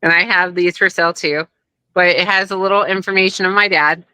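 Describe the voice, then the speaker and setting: A middle-aged woman telling a story in a casual, animated way, acting out the voices of people she quotes. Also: on the low side, a little fast, clean tone, no echo, rough recording. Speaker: guest, wrestler's daughter.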